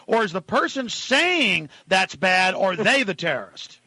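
A male radio talk show host ranting at callers, dropping to a low mutter and then shouting. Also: big pitch swings, measured pace, breathy edge, no echo.

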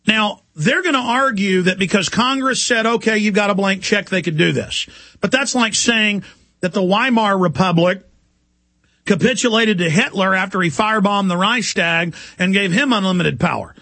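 A man's voice: high voice, normal speed, pushed and bright, no echo. A man delivering an impassioned, indignant talk radio monologue as the show's host.

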